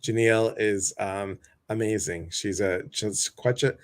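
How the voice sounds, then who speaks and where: A man's voice: lowish voice, fairly even intonation, a little slow. Midwestern guy hosting a livestream, jokey and gushing, on a video call mic. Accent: Midwestern American. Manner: effusive, jokey, greets viewers by name. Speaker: host. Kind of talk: casual livestream chat.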